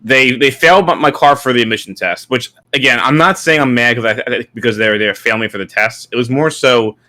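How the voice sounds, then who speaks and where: Bright-voiced young man, stammery chat. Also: medium pitch, brisk. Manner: stammering, chatty, self-deprecating. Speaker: podcast co-host. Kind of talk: casual podcast chat.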